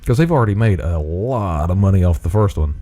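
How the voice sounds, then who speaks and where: A young man co-hosting a podcast, talking casually and excitably and swearing freely. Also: sits low, brisk. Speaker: podcast co-host. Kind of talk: casual chat.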